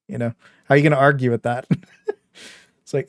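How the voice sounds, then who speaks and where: A man's voice: mid-range voice, fairly even intonation, unhurried, pauses often, no room sound, studio quality. A young man casually chatting on his game livestream, rambling with lots of fillers and a trolling swagger. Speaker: game streamer.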